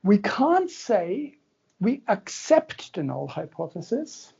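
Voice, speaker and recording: Male lecturer, unhurried and animated, mellow husky tone, dull lo-fi recording. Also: sits high. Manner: conversational, jokey, checks in with the audience. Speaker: university lecturer. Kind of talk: classroom lecture.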